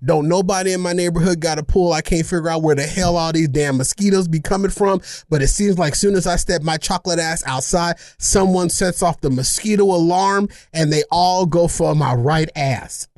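A man co-hosting a podcast, telling a rambling, self-mocking story in casual chat, animated and funny. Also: on the high side, moderate pace, hardly any pauses, dry recording, clean studio sound. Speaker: podcast co-host.

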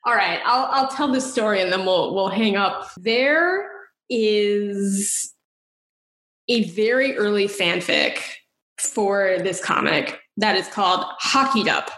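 A woman's voice: mid-range voice, takes it slowly, a bit bright, echoey room, low-quality recording. A woman co-hosting a podcast in casual chat, rambling and giggly, swearing freely. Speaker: podcast co-host.

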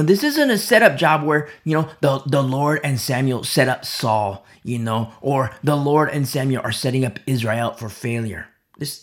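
A man teaching a Bible study in sermon style, emphatic, who repeats rhetorical questions and sometimes drops to a whisper. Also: mid-range voice.

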